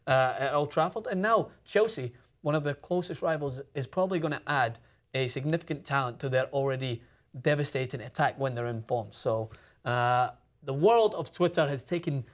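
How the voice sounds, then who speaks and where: A man's voice: mid-range voice, animated. A man co-hosting a sports show, giving opinionated football analysis in casual chat with fillers. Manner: opinionated, quick, thinks aloud with fillers.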